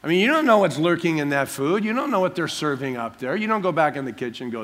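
A man's voice: a little high, big pitch swings, quick pace, fairly bright tone. A man preaching a sermon in church, talking in a humorous, conversational way with everyday stories. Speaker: pastor.

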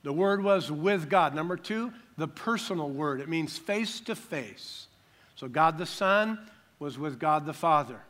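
An older man preaching a sermon as pastor, emphatic, slowing down to stress key words. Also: on the high side, a bit bright.

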